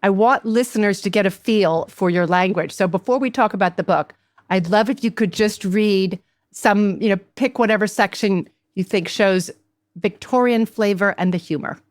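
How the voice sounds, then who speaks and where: A woman's voice: medium pitch, moderate pace, dry recording. A woman hosting a book podcast, reading a scripted introduction and asking questions with enthusiasm. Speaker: podcast host.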